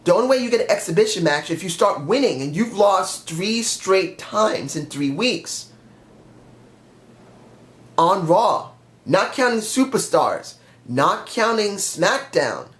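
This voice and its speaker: A stern male chairman who lectures and refuses firmly, as a man acts him out. The voice sits a bit high and stays close to everyday speech. The recording has a noticeable room echo. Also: fairly bright tone. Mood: refusing. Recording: roomy echo.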